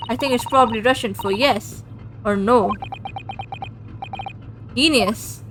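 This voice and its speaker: Playful woman gamer reading a visual novel aloud, fairly high voice, noisy recording. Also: slow, long pauses. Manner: playful, chatty asides. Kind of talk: casual let's-play commentary and reading aloud.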